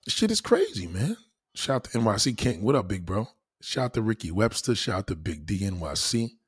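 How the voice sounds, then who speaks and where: Husky man in a profane rant. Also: very animated, a little fast. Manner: loud, crude, swings between low mutters and high exclaims. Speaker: vlogger ranting to camera.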